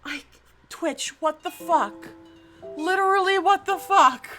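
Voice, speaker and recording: A woman's voice: extremely high pitch, slow pace, pushed and bright, soft background music. A woman from New Jersey streaming live in a casual chat, cursing often and restarting her sentences. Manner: frustrated, swears freely, lots of restarts.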